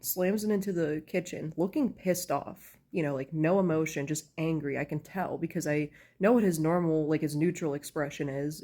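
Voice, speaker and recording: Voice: mid-range voice, a little mellow. A tired, just-woken speaker telling a personal story at home in a casual, rambling way, full of fillers. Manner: rambling, with many fillers like "like" and "you know". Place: at home, in pajamas.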